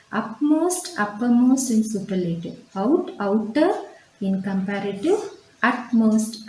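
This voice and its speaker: A woman walks through a grammar lesson at an unhurried pace, repeating each word form. Her voice is mellow and soft-edged. The room around her is echoey, with a faint background hum. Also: mid-range voice. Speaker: teacher.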